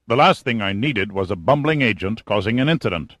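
A man's voice: lowish voice, animated, a little fast, a bit bright, no room sound, studio quality. A man doing a cold, commanding general. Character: cold, menacing middle-aged male general.

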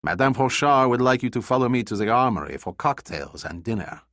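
A man doing a gravelly gangster butler. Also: mid-range voice, expressive, fairly quick, fairly bright tone, no room sound, studio quality. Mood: formal. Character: burly bullet-headed male servant, gruff and sneering.

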